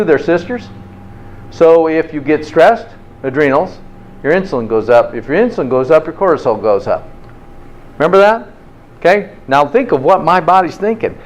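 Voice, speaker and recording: A man teaching a health class in an informal, interactive way, often checking in with "okay?". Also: a little high. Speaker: health instructor.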